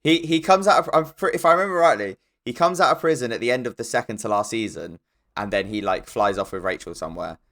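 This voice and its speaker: A man co-hosting a comedy podcast, rambling and hedging as his voice trails off quieter. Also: mid-range voice, expressive, quick pace. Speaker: podcast co-host. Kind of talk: casual comedic chat.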